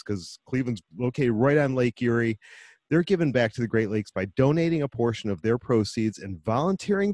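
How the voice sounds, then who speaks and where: A man hosting an interview show, enthusiastic and energetic as he introduces guests and asks questions. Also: mid-range voice, dry recording. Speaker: podcast host.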